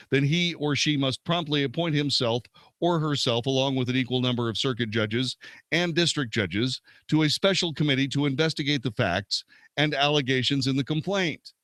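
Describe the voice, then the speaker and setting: A man's voice: medium pitch, a bit bright, no echo. Man reading legal text, dry sound. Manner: reads steadily, stumbling and correcting himself at times. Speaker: host. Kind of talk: reading legal texts aloud with commentary.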